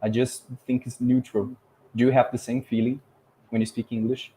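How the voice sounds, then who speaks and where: A man from Brazil with a Brazilian Portuguese accent, speaking English as a second language in a relaxed podcast chat, pausing often to look for words. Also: mid-range voice, rough recording. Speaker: podcast host. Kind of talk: casual conversation in English.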